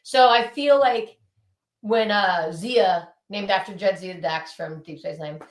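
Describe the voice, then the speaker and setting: Speaking slowly at a medium pitch, this Southern California punk musician in her thirties swaps lively, profane stories during a relaxed interview. She's indoors at home with dogs around, and the room echoes.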